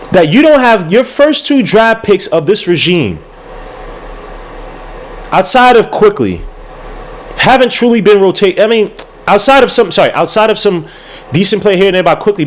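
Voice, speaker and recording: High-voiced man ranting on a podcast. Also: a little hiss or hum. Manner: heated, exasperated ranting with slang and repeats. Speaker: podcast host. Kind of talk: casual livestream podcast rant.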